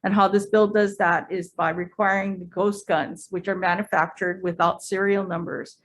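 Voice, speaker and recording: A woman testifying as a government attorney at a legislative hearing, measured and formal with occasional hesitations. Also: medium pitch, flat delivery, slight background noise, rough recording. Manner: measured, with occasional fillers and restarts. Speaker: deputy attorney general testifying.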